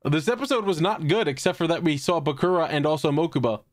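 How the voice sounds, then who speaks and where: A man co-hosts a casual podcast chat, joking crudely and telling stories, his pitch swinging widely as he talks. The sound is close and dry. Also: lively intonation, fast talker, dry recording. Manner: crude, jokey, tells anecdotes. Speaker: podcast co-host.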